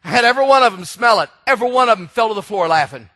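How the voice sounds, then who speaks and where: High, bright-voiced animated male preacher. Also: very fast. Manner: animated storytelling preacher, shouts for emphasis. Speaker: pastor. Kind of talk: sermon.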